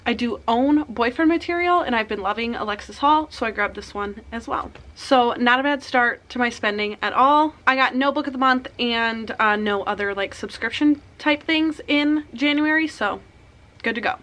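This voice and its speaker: A young woman with a slightly high voice, chatting casually on her channel. She talks in an upbeat, quick way, with a slightly tired early-morning voice. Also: a bit bright. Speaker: book vlogger. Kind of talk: casual chat.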